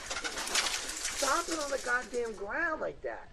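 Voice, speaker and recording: Gravelly, lively-pitched podcast host man. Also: takes it slowly, very noisy. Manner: swearing, teasing banter with laughs. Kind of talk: casual chat.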